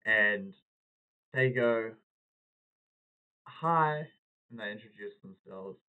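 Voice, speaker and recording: A man, hosting a podcast and telling a story in a casual, animated way, acting out what people said. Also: lowish voice, slow pace, clean tone. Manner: animated anecdote-telling, acting out quoted lines. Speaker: podcast host. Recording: tinny phone-like audio.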